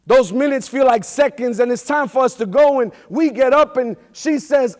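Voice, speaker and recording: Guy with a really high voice giving a big motivational keynote, repeats himself a lot, slangy, echoing around a big hall. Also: normal speed, hardly any pauses. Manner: emphatic and repetitive, street slang. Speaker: keynote speaker. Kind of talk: motivational speech with storytelling. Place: large event hall. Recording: echoey hall reverb.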